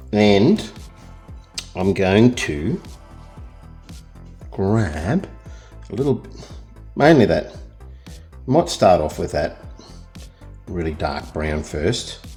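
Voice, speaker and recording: A middle-aged Australian man giving a relaxed, rambling painting lesson, talking as he works and joking at his own expense. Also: deep voice, drawn-out words, vocal fry, pauses often, faint music behind. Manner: rambling, self-deprecating, chatty. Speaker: art tutor. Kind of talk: real-time painting tutorial.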